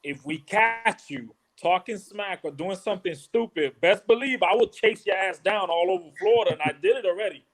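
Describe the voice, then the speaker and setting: A man's voice: high voice, normal speed, hardly any pauses, a bit bright. A man co-hosting a casual car podcast, brash and boastful in a laid-back way. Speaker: co-host.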